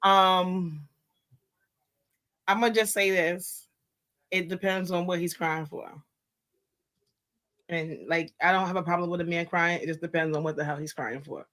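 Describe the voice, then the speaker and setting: A woman's voice: on the low side, steady tone, a little slow, long pauses, a bit bright. A woman co-hosting a podcast in casual chat, laughing and pushing back, exasperated. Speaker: podcast co-host.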